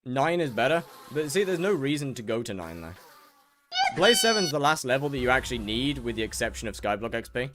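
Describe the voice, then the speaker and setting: A man's voice: medium pitch, lively intonation, brisk, a bit bright, slight background noise. A young man from England, streaming a game and bantering sarcastically with his chat. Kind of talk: casual chat with viewers while gaming.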